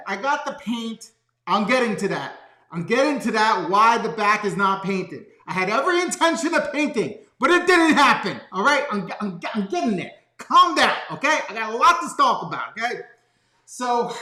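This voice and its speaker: A man's voice: high voice, bright, forceful tone, roomy sound. A man ranting casually in a vlog from his home studio, tagging nearly every point with a questioning "okay?". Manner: rants, constantly adding "okay?". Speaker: vlogger.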